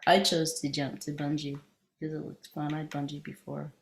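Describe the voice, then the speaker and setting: Low, gravelly-voiced woman teacher. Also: flat delivery, normal speed, a little hiss or hum. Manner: conversational, meandering, with frequent restarts. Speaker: meditation teacher. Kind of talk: dharma talk with personal storytelling.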